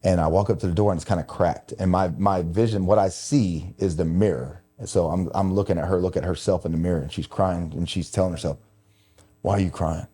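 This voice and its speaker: Low, mellow-voiced man telling a raw story. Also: fairly even intonation, fast talker, hardly any pauses, slightly rough. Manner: emotional, confessional, swears freely. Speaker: podcast host. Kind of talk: candid conversational storytelling.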